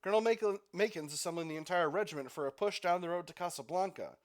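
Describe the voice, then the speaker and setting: A man reading the lines of an army colonel who gives orders over the radio in a brisk, businesslike way. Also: high-pitched, close to an everyday voice.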